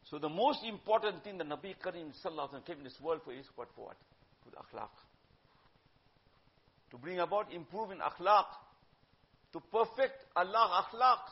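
A high-pitched man with a gravelly edge preaches to a gathering. He presses his points loudly, then drops to near-whispered asides, weaving in Urdu phrases. The recording is dull and lo-fi. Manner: emphatic, swings from loud to hushed, mixes in Urdu phrases. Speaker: religious teacher. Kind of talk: sermon-style religious talk.

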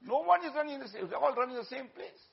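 A man's voice: very high voice, animated, rapid-fire, gravelly. A man preaching a sermon, exhorting his listeners and mixing in Urdu phrases. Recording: dull lo-fi recording.

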